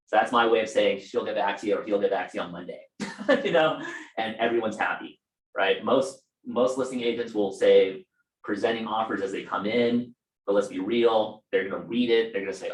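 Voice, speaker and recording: A man's voice: fairly low pitch, moderate pace, echoey room, rough recording. A man running a casual real estate training session for a small group, talking conversationally with fillers and asides.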